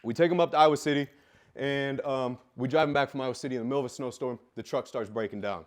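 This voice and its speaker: Talking fast in a mid-range voice, a young adult man lays out his life story with raw emotion. The telling is profane and repetitive, with phrases repeated for emphasis.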